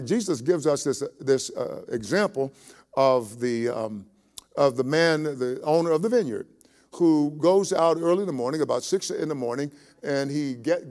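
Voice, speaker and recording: A man's voice: mid-range voice, darkish tone. A man preaching a sermon as a pastor, folksy and repeating phrases for emphasis.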